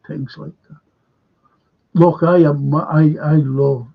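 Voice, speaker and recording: A man's voice: on the high side, vocal fry, husky, lo-fi sound. A man with a Scouse accent from Liverpool, hosting a livestream in a blunt, rambling monologue full of restarts and swearing. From Liverpool, England. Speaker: livestream host.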